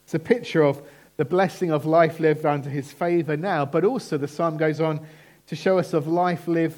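A man preaching a sermon in a church, earnest and emphatic, slowing down on key phrases. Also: on the high side, a little mellow.

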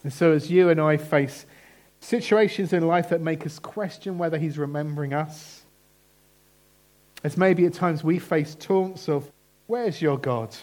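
A man preaching a sermon in a church, earnest and emphatic, slowing down on key phrases. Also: fairly high pitch, darkish tone.

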